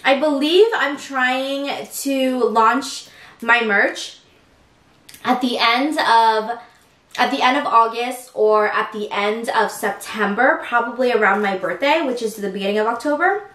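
A young woman hosting an eating show, chatting excitedly with viewers between bites. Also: on the high side, measured pace, reverberant. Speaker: mukbang host. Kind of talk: casual eating-show chat.

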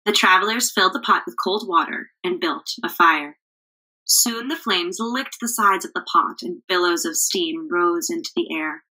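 A woman teacher reading a picture book aloud to children in a clear, expressive storytelling manner. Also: fairly low pitch, normal speed, low-quality recording.

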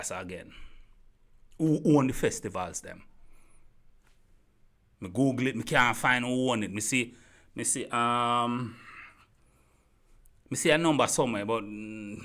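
A man's voice: mid-range voice, pushed and bright. A man from Jamaica with a Jamaican accent, giving a heated, rambling opinion rant straight to his listeners and repeating his points. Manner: heated, repetitive, addresses listeners directly. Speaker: commentator.

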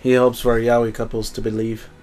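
A man's voice: mid-range voice, monotone, normal speed, a little mellow, soft background music. Young man teasing his co-host. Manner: teasing, blunt, swears. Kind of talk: casual gameplay commentary.

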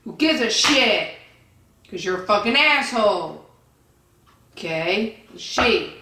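Foul-mouthed woman yelling in an echoey room. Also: medium pitch, animated, slow, background noise. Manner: profane, insulting, yells at commenters. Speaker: vlogger reading viewer comments. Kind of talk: angry comment-reading rant. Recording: roomy echo, distant from the mic.

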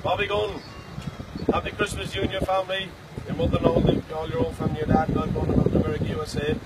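Fighter issuing a boastful, repetitive challenge, high voice, wind roaring on the mic. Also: male voice, completely flat delivery, quick pace. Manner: repetitive, boastful, greetings mixed with taunts. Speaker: bare-knuckle fight challenger. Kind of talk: rambling challenge video message. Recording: loud wind noise on the mic.

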